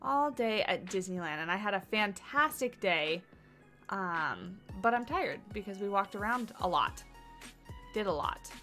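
A tired woman streaming a building game from her home setup, talking in a bright, airy voice. She chats freely and thinks out loud, greeting her viewers by name while she works. Soft music plays underneath. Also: mid-range voice, lively intonation, unhurried. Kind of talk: casual livestream chat while building. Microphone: desk mic on boom arm.

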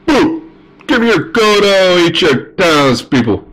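A greedy, blustering dragon making demands, as a man puts him on. The voice is loud and pushed higher than a plain speaking voice. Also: sing-song, slow pace, slight background noise, heavily acted, rough recording.

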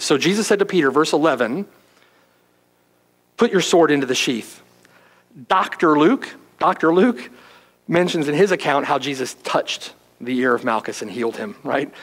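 Male pastor, fairly high voice, emphatic expository preaching that turns into quiet prayer. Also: low-quality recording. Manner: emphatic, asks "right?" often; hushed, slow in closing prayer. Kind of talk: expository sermon.

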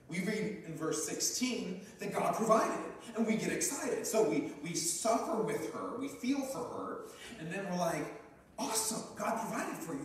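A man preaching a conversational, earnest sermon, mimicking the voices he quotes. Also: a little high. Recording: echoey church hall from far off, faint ambience.

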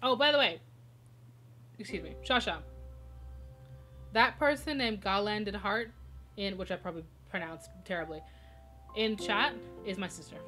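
A woman streamer chats with her viewers while she plays, telling stories and laughing often. Her voice is bright and lively, and soft game music runs in the background. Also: medium pitch, normal speed, pauses often. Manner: chatty storyteller who laughs often. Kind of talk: casual gameplay chat.

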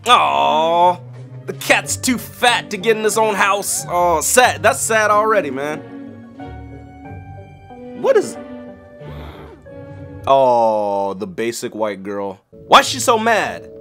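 Male YouTube host, high and animated, cracking jokes and exclaiming through a reaction video. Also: slow, faint music behind. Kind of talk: reaction commentary.

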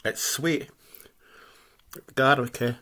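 Man, home food vlogger; eats and talks at once, mouth full, easygoing middle-pitched chat. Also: fairly even intonation, extremely slow, pushed and bright. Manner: chatty, talks while eating with mouth full. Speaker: food reviewer. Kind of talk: casual food review vlog.

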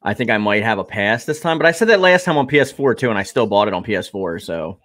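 A man's voice: lowish voice, expressive, quick pace, a bit bright. A man hosting a live stream, chatting casually and rambling with lots of fillers. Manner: rambling, filler-heavy "like" talk. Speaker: streamer host.

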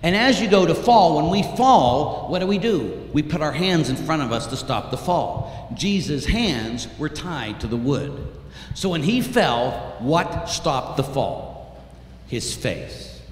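A man, a priest, preaching a dramatic sermon, telling the story with intensity and swinging from hushed tones to shouts. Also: fairly high pitch, expressive, unhurried. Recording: echoey hall, light room noise.

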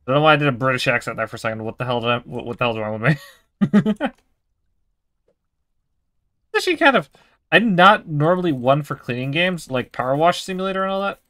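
Bright-voiced man narrating his gameplay. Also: fairly high pitch, animated, fairly quick, pauses often, no echo, clean studio sound. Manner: chatty, swears casually, talks to himself. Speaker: gaming video creator. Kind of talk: let's-play commentary.

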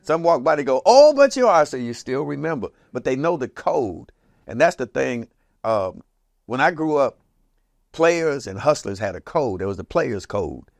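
Older man telling lively stories. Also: a little slow, vocal fry, dry recording, studio quality. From Portland, Oregon. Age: 70s. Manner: lively, acts out quoted voices with big jumps in pitch and loudness. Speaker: interviewee recalling community history. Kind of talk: casual storytelling reminiscence.

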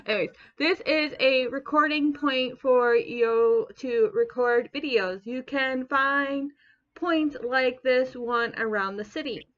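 A woman's voice: high voice, slow, dull audio. A woman doing a beeping robot drone. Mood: robotic. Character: cheerful little robot drone camera assistant. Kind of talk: reading game dialogue aloud.

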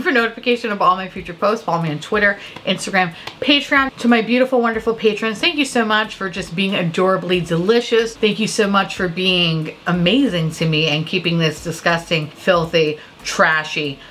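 A woman's voice: mid-range voice, a little fast, few pauses, a bit bright, slight background noise. A woman beauty vlogger chatting casually while getting ready. She is tipsy and stuffy-nosed, and her talk is profane and self-mocking. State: stuffy nose. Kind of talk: casual get-ready-with-me chat.

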